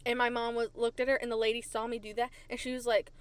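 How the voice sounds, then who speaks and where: A woman hosting a podcast, telling stories from her childhood in a chatty, animated way and repeating phrases for emphasis. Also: a little high, quick pace, smooth, no echo. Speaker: podcast host. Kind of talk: casual storytelling. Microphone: desk microphone.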